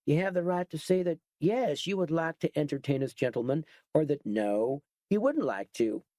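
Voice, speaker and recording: A man's voice: fairly high pitch, lively intonation, normal speed, dark tone, no echo, pitched above the performer's own voice, close to an everyday voice. Man as menacing biker gang leader, soothing drawl, mock-polite, dry close sound.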